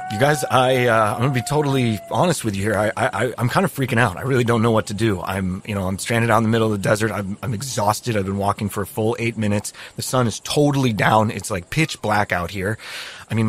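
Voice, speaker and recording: A man's voice: mid-range voice, a little hiss or hum. A man hosting a storytelling podcast, reading scripted lines with a joking, mock-panicked delivery. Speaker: podcast host. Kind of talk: scripted comedic narration. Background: music bed.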